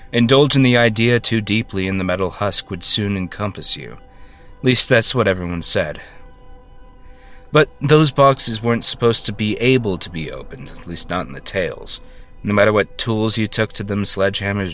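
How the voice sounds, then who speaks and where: A man with a deep, low voice narrates a brooding first-person story. He stumbles and corrects himself mid-thought, and soft music plays underneath. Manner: halting, stammering self-corrections.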